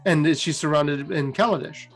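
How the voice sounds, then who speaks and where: Male host, high voice, animated casual lore retelling. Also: normal speed, soft background music. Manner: animated storytelling.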